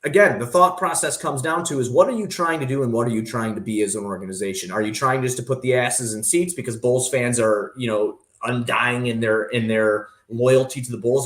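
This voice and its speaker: A man's voice: mid-range voice, brisk, a bit bright. A man speaking as a guest on a sports talk show, passionate and rambling in his opinions. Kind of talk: casual sports radio talk. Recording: roomy echo.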